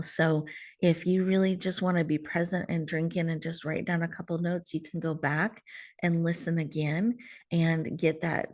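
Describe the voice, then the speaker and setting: Soothing woman host guiding a breath. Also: low voice. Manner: soothing, warm coaching with soft laughs, drops to whispers. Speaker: host leading a guided breathing exercise. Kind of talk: gentle guided mindfulness talk.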